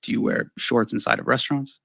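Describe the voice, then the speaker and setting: A man's voice: medium pitch, fairly even intonation, fairly quick, gravelly, a bit bright, husky, no echo. A man interviewing a guest in a comedic style, playful and teasing as he coaches him.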